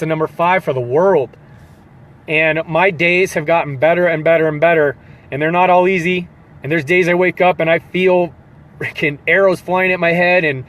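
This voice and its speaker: Earnest, high-voiced male coach. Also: a bit bright. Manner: earnest, emotional, repeats phrases for emphasis. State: holding back tears. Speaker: fitness coach. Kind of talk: motivational pep talk.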